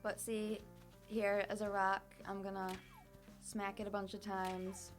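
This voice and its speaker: A woman's voice: mid-range voice, level tone, unhurried, faint music behind. A young woman casually commenting on her gameplay, chatty and self-deprecating with many fillers, at a desk microphone. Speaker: streamer.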